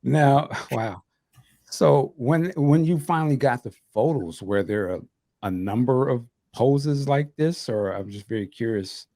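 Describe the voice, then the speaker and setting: A man's voice: mid-range voice, lively intonation, measured pace, dark tone, dry recording, studio quality. A man hosting a podcast interview, mostly reacting briefly and asking curious follow-up questions. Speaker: podcast host.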